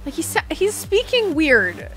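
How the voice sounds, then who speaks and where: A woman co-hosting a let's play, reacting in an excitable, giggly way with lots of exclamations. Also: extremely high pitch, unhurried, faint music behind. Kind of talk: casual gaming commentary.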